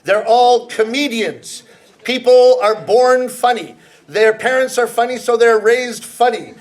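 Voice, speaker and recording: On a theater stage, a Canadian rakugo storyteller performs comedy live, playfully teasing the audience and acting out the voices he quotes. His voice is extremely high, and he keeps a measured pace.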